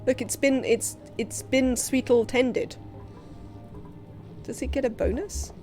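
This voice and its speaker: A woman chatting casually while livestreaming a video game, rambling and filling pauses with "um" and "uh". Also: sits high, fairly even intonation, a little mellow, faint music behind. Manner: rambling, chatty, frequent fillers. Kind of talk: casual live gameplay commentary.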